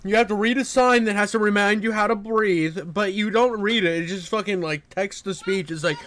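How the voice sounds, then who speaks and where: A man's voice: high voice, brisk, hardly any pauses, fairly bright tone. A man reacting to videos with profane, mocking rants as a streamer. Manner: ranting, crude, mocking.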